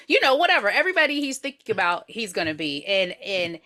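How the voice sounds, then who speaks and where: Give me a lively woman with a bright, animated voice joking through a show recap. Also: mid-range voice, quick pace. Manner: playful, animated banter. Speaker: podcast co-host. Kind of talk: casual chat recapping a TV episode.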